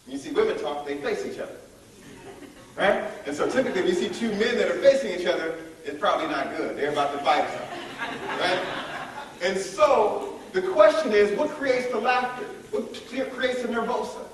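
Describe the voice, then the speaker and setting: A man with a fairly high voice leads a leadership workshop, energetic and playful as he works a live group. He sounds distant from the microphone, and his voice rings around a large, echoey hall. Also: a little fast, slight background noise. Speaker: workshop speaker. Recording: echoey room from far off.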